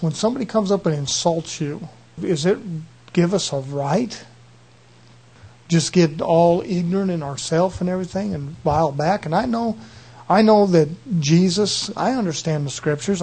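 A man's voice: a little high, warm tone. A man preaching a conversational sermon, earnest and folksy, often repeating himself and restarting phrases.

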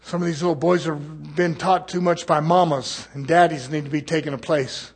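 High, husky-voiced fiery preacher man. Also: fairly even intonation, moderate pace. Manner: fiery, scolding, shifts from loud preaching to low mutters. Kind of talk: sermon.

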